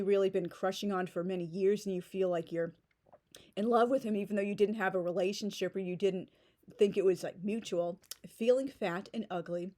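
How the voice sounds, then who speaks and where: A woman's voice: mid-range voice, dark tone. A woman giving a casual spoken book review in a sarcastic, mocking tone.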